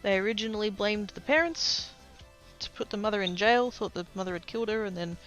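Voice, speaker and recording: Australian woman, casual streamer, bright tense tone, rambly asides, faint music behind. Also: mid-range voice, brisk. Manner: chatty, rambling, often trailing off into quiet asides. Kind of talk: casual livestream chat while crafting.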